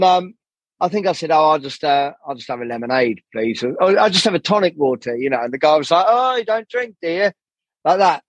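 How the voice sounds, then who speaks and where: Husky-voiced man, candid and rambling. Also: on the high side, no room sound, dull audio. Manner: swears a lot, rambling, acts out quoted people. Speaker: podcast guest, jazz saxophonist. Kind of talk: candid podcast conversation.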